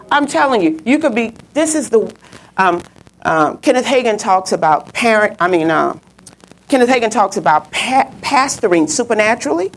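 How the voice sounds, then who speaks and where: A middle-aged woman preaching a sermon, telling a personal story and swooping up high when she quotes people. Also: expressive, moderate pace.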